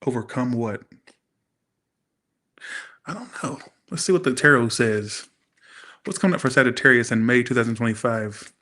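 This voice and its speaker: A man's voice: medium pitch, normal speed, pauses often, sharp tone. A man doing a casual, chatty live-stream tarot reading, thanking viewers and swearing freely. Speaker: tarot reader.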